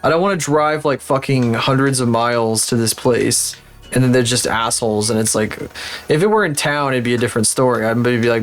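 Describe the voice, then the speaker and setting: A man chatting casually on a livestream while he works, ranting and swearing often in an animated way. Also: medium pitch, normal speed, faint music behind. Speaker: streamer.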